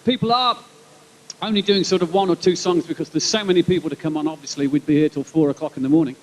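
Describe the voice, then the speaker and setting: A man in his forties with a Birmingham accent doing live stand-up at an outdoor concert. He chats and rambles to the audience, with quick punchlines. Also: on the high side, steady tone, low-quality recording. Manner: chatty, rambling asides to the crowd, quick punchlines. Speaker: stand-up comedian and concert compere. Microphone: stage microphone over a PA.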